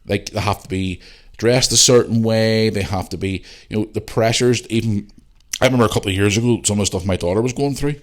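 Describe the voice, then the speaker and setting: A man's voice: on the low side, a little fast. A man in his forties hosting a podcast, ranting in a casual, opinionated monologue, swearing freely and repeating points for emphasis. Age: 40s. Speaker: podcast host.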